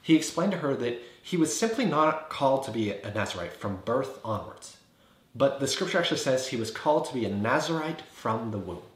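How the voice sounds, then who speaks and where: Earnest male Bible teacher, mid-pitched, rhetorical questions, echoey room. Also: sing-song, fairly quick, a bit bright. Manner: earnest, builds points with repeated phrases and rhetorical questions. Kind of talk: explanatory teaching video. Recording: roomy echo.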